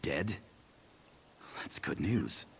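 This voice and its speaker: Game resistance leader, rough gravelly voice, very low, noise behind. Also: male voice, lively intonation, very slow, crowd noise, exaggerated voice. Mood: urgent. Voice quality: very deep and gravelly. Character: gruff male resistance leader in a video game. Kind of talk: game dialogue.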